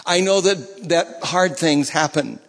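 A man's voice: a little high, slow, gravelly, fairly bright tone, long reverb tail. A man preaching a sermon in a conversational way, often repeating and restarting his phrases. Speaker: pastor.

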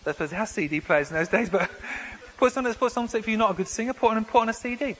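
Male pastor, high bright voice, chatty sermon delivery full of restarts, long church reverb with faint hiss. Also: fast. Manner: conversational preaching with frequent restarts and repeated words. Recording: long hall reverb, faint background noise.

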